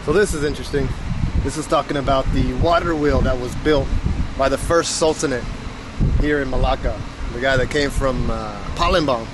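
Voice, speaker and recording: An American man chatting as he films his travels, thinking aloud with fillers, a bit hoarse. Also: mid-range voice, normal speed. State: losing his voice. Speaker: travel vlogger. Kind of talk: casual travel vlog narration. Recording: noisy outdoor street sound.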